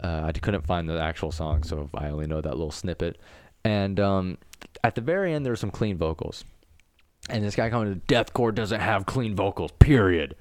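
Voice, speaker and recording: A man with a fairly low voice chats loosely on a podcast, leaning on fillers and breaking into animated quotes of other people. The sound is dry and close, with no room around it. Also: normal speed, smooth, dry recording. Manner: rambling, lots of "like" fillers, acts out quotes with a raised voice. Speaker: podcast co-host. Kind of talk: casual chat.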